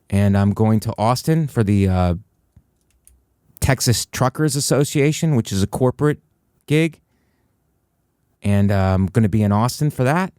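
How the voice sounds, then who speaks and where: A man hosting a solo comedy podcast in a studio, delivering mock-motivational rants that jump from high excited bursts to low, flat asides. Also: clean tone, dry recording. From United States.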